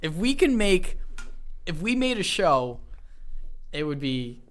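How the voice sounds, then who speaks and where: A man's voice: fairly high pitch, sing-song, takes it slowly, a bit bright. A man guest on a podcast, a parole officer, chatting casually with wry jokes and dry one-liners. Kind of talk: casual chat.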